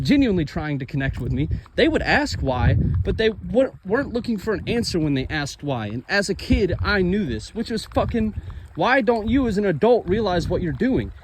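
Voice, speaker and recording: A young man vlogging outdoors while he walks by water, telling his life story in a frustrated, venting, swearing way. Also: on the high side. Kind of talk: personal story vlog while hiking. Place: outdoors by water, walking a trail. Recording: outdoor recording with loud wind and water noise.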